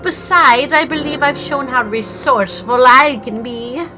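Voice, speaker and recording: A woman's voice: high-pitched, measured pace, over music. Brief: woman voicing a pompous, scheming noble, formal and lofty. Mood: haughty.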